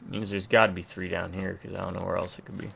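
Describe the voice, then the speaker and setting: A man's voice: low-pitched, little pitch movement, fast talker, vocal fry, fairly bright tone, slight background noise. A young man from Georgia in the United States giving casual let's-play commentary, muttering running remarks and dry quips as he plays. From Georgia, USA. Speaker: gameplay commentator.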